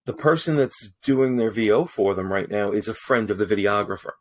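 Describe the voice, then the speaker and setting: A man's voice: lowish voice, a little fast. Chatty voice-over man telling stories. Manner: animated storyteller with many restarts. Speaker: guest voice-over artist. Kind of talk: casual podcast conversation. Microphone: studio mic in his booth.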